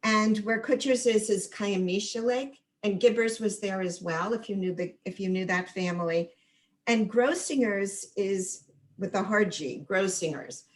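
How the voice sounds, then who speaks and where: Older woman, from the Catskills, casual chat, middle pitch, chatty and detailed. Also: fairly even intonation, moderate pace, rough recording. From Catskills, New York. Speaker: audience member commenting.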